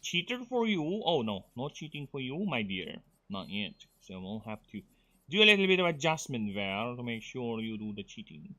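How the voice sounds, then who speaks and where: A man's voice: mid-range voice, big pitch swings, moderate pace, bright, forceful tone. A man from the Philippines, streaming a game, teasing his viewers and muttering through his choices. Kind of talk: casual game stream chat.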